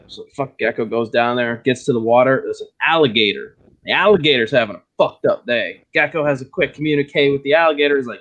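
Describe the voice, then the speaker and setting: A man's voice: medium pitch, fast, fairly bright tone. A man in casual voice chat, telling a long crude joke full of swearing. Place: online voice chat.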